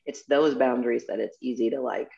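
A woman's voice: a bass voice, brisk, gravelly, warm tone. A woman in her forties talking candidly and frankly in a casual conversation. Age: 40s. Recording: dull lo-fi sound.

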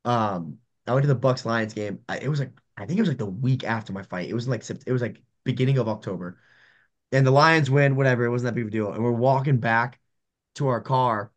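A man co-hosting a casual podcast, telling fight stories with lively energy. He acts out other people's lines and laughs through the punchlines, in a mid-range voice. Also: medium pitch, fast talker, highs cut off. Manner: animated, laughing storyteller, acts out quotes. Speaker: podcast co-host and MMA fighter. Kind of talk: casual storytelling chat.

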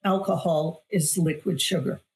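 A woman's voice: lowish voice, fairly even intonation, a little slow, darkish tone. Earnest middle-aged woman telling her story. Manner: earnest, emphatic storytelling with repeated phrases. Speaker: guest, author and weight loss coach. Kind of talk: conversational testimony in an interview.

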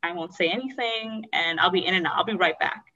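A woman's voice: lowish voice, a little fast, bright, forceful tone, far from the mic, dull audio. A woman candidly recounting a painful personal story in a rambling, emotional way. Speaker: guest sharing her story.

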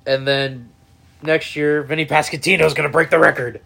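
A man's voice: fairly high pitch, flat delivery, moderate pace, gravelly, sharp tone. A young man co-hosting a casual sports podcast, joking and laughing at his own picks. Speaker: podcast co-host.

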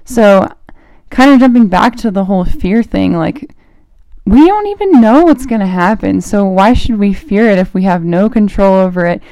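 A young college-age woman talks casually about her faith as a podcast host, chatty and animated, with lots of "like" fillers. Her voice is warm and mellow, and it is recorded close and dry. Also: medium pitch, dry recording. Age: young adult, college student. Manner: chatty and animated, full of "like" fillers, quick laughs.

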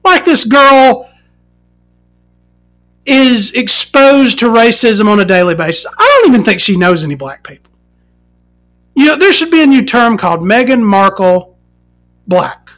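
A woman hosting a podcast, ranting casually and swearing, swinging from loud outbursts to muttering. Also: fairly high pitch, very animated, measured pace, long pauses. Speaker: podcast host.

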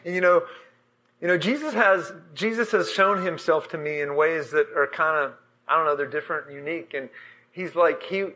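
Preacher guy with a high bright voice, stumbles and restarts a lot, gets emotional telling a vision. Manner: halting and emotional, many fillers and restarts. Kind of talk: sermon storytelling.

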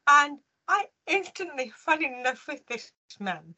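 An interview guest from the United Kingdom, she speaks in a high, unhurried voice as she tells her life story vividly, stumbling into restarts and fillers along the way. The audio is poor.

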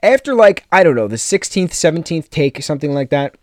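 A man's voice: on the high side, sing-song, darkish tone, no room sound, clean studio sound. A young adult American man telling a rambling personal story in a casual podcast, full of fillers and jokey asides. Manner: chatty, lots of fillers, quick jokey asides. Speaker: podcast host.

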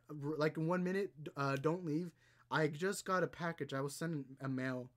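A man hosting a live stream, chatting casually and rambling while reading chat and browsing, now and then bursting into excitement. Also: a little high, moderate pace. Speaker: podcast host streaming live.

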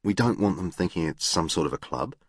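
A man voices a blunt, weary woman organiser in an audiobook, casual and plain-spoken. His low voice is read close and dry, with lively rises and falls. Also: brisk, breathy edge, no room sound.

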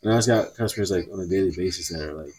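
Young man, podcast co-host, casual chat, low voice, laid-back storyteller. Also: racing, a crowd in the background.

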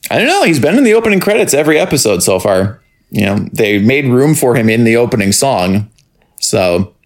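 A man in easy, rambling conversation as a podcast co-host, talking through a TV episode at a relaxed pace. He drifts between thoughts, restarts sentences and laughs readily. His voice sits at an ordinary middle pitch for a man. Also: fairly quick. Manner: rambling, laughs often, breaks into silly singing. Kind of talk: casual chat recapping a TV show.

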